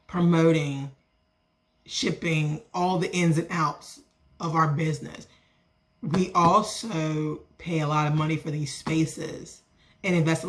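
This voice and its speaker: A woman, vlogging as a small business owner and telling a story in a casual, animated way. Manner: animated, acts out other people's lines with lively pitch jumps. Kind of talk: casual storytelling rant to camera.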